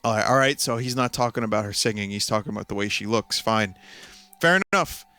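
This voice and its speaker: A man telling a rambling, amused story while he streams a game, full of restarts and filler words. His voice is bright and forward, with faint music underneath. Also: on the low side, fast talker, clear, resonant tone, no echo.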